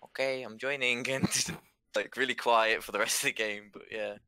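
A man's voice: on the low side, steady tone, moderate pace, pushed and bright, no echo. A man answering interview questions about his esports team in an earnest, thoughtful way.

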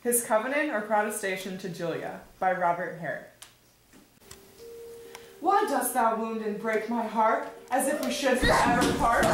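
A young woman reading an old poem aloud in an earnest, measured way. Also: fairly high pitch. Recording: echoey room with music behind.

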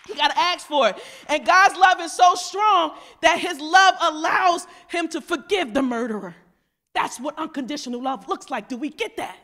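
A woman pastor, preaching a lively, casual sermon. She talks with the congregation, mimics voices and moves between loud emphatic shouts and quiet asides. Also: high voice.

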